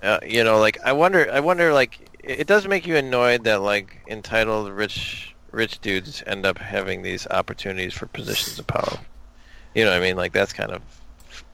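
Man, gravelly voice, bright tone, hesitant, casual podcast chat. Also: on the low side, fairly quick, a little hiss or hum, poor audio. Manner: hesitant, self-deprecating. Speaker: podcast co-host.

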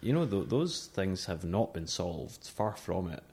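Very deep, husky man, thoughtful guest. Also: very animated, darkish tone. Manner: thoughtful, halting, with many restarts. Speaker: podcast guest. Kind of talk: casual conversation.

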